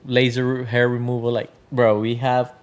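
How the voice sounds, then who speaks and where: A Tri-Cities, Washington man who founded a drink brand talks as a podcast guest in a level, mid-range voice at a moderate pace. The chat is casual and rambling, heavy on fillers. He also acts out quotes from other people.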